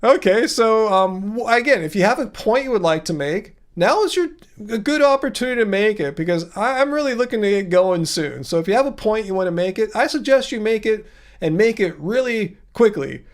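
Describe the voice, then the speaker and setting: Chatty high-voiced man hosting a livestream. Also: lively intonation, a little fast. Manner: chatty, reads viewer comments aloud and replies; rambling with many restarts and fillers. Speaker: livestream host answering chat. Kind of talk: casual livestream chat.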